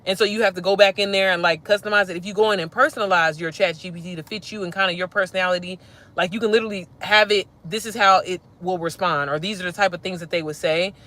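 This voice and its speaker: A woman hosting a casual livestream, animated and slangy, talking straight to her viewers. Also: lowish voice, fast talker. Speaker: livestream host.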